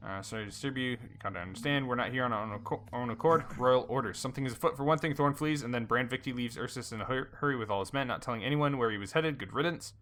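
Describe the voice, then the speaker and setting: A man's voice: mid-range voice, quick pace, hardly any pauses, a bit bright. A man hosting a let's play, casually reading game dialogue aloud with fillers and small slips.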